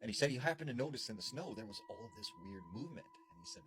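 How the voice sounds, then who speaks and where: Man telling a scary story, very animated. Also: on the high side, racing, a crowd in the background. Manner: retells secondhand, repeating "and he said". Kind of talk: casual scary story retelling. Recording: noisy background.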